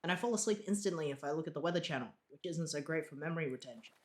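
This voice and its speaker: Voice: mid-range voice, racing. A streamer reading a game aloud and chatting between the lines in a chatty, giggly way. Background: game music.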